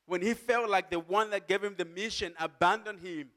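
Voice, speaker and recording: A man's voice: high voice, fairly bright tone. Earnest male pastor preaching a sermon. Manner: earnest, slow emphatic preaching with rising cries.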